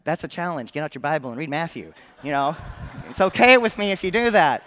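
A man's voice: fairly high pitch, sing-song, fairly quick, fairly bright tone. A male pastor preaching an Easter sermon in a church, speaking conversationally and putting questions to the congregation. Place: church sanctuary.

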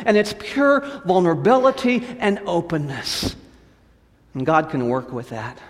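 Man preaching, high voice, big dramatic swings loud to hushed, long hall echo. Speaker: pastor. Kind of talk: sermon.

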